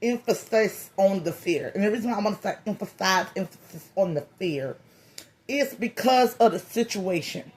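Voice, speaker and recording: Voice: medium pitch, animated, moderate pace. A tarot reader giving a comedic reading in a loose, slangy, playful way, with profane jokes and lots of repeated phrases. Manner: profane joking.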